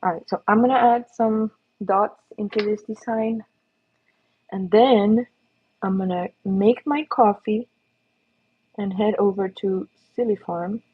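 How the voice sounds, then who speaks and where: A chatty woman hosts a casual livestream as she face paints. Her voice is a little husky and sits at an ordinary pitch. The audio is slightly dull and lo-fi. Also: fairly even intonation, slow. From Florida. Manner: chatty, encouraging, talks to her dog and viewers.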